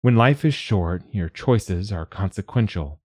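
A man's voice: on the low side, expressive, a little slow, darkish tone, slightly rough, dry recording, studio quality. A man reading the lines of a self-assured, commanding woman in an exoskeleton. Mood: wistful. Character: confident, imposing woman in an exoskeleton.

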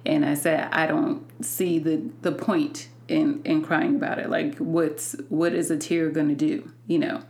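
A woman hosting a podcast and telling a personal story in an unhurried way, with many fillers and restarts. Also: low-pitched, flat delivery, darkish tone. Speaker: podcast host.

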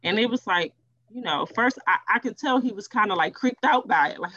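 In a brisk, mid-range voice, a woman in her thirties chats casually on a podcast, animatedly acting out the voices of people she quotes in her stories. The audio is dull, with no room sound.

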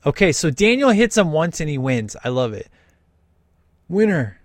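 A man's voice: fairly high pitch, sing-song, moderate pace, no echo, clean studio sound. A man talking through a film in casual commentary, enthusiastic and emphatic with lots of slang.

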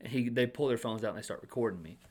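A young man and restaurant manager in casual chat, telling animated stories, swearing freely and acting out what others said. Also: medium pitch, fast talker, husky.

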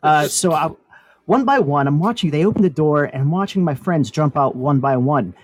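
A man's voice: on the high side, lively intonation, moderate pace, no echo. A man on a casual talk show, telling a long rambling story full of fillers and laughs. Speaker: podcast co-host.

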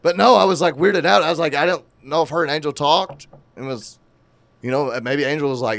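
A man telling a crude, animated story in casual profane podcast chat, laughing at his own tale. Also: on the high side, fairly quick, gravelly, no room sound.

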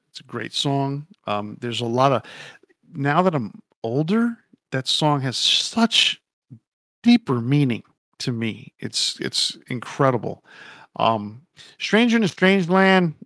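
A man's voice: mid-range voice, expressive, slow, gravelly, fairly bright tone, no room sound. Rambling opinionated man, dry sound. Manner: rambling, opinionated, swears casually. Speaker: podcast co-host. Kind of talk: casual podcast chat.

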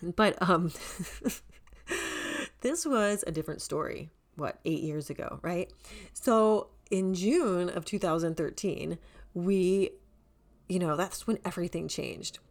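A woman in her forties, a podcast host telling a story in a chatty, lively way and swearing freely. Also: on the low side, slow pace. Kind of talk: casual storytelling.

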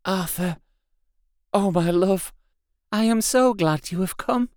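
A man reading aloud, voicing a young dying woman in a soft, faint, raised voice. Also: sits high, expressive, slow, clear, resonant tone, dry recording, clean studio sound, voice pushed up. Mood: tender.

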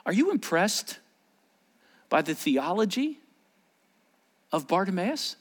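A male pastor preaching a sermon, acting out the quotes he reads with loud shouts. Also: high voice, slow pace, pauses often. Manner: animated, acts out shouted quotes.

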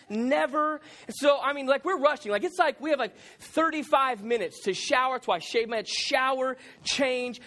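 Very high-voiced joking pastor. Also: male voice, a bit bright. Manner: candid, self-mocking storytelling with congregation asides. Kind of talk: sermon. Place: church service.

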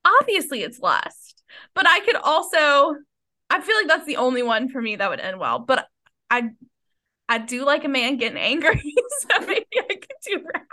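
A woman co-hosting a book podcast, chatting casually and swearing freely. Her voice sits a little high, swings widely in pitch and has a bright, forceful edge. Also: normal speed. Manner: animated, laughing, swears freely. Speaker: podcast co-host.

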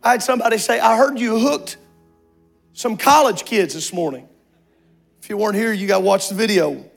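A man preaching a sermon to a congregation in a church, impassioned and rising to shouts on drawn-out words. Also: high voice, vocal fry, faint music behind. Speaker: pastor.

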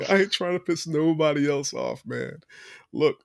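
A woman's voice: low-pitched, a little slow, gravelly, no room sound, clean studio sound. A woman voicing a nervous, fed-up queen who talks in an exasperated, slangy way.

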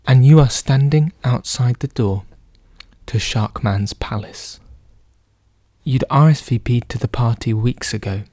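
A man in whispered role-play, telling a story softly and slowly in the second person. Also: on the low side, no echo, studio quality.

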